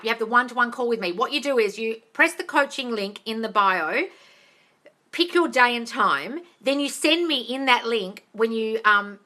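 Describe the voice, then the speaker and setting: A woman's voice: on the high side, pushed and bright. An Australian woman coaching on a live stream, answering viewer questions bluntly, swearing freely and calling people darling. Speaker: manifestation coach. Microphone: phone or tablet.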